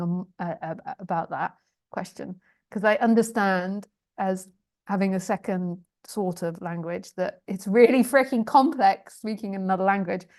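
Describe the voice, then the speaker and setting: Speaking in a medium-pitched, darkish voice, a woman spiritual teacher reads viewer questions on a live stream. She's chatty and self-deprecating, laughing often and stumbling over long sentences.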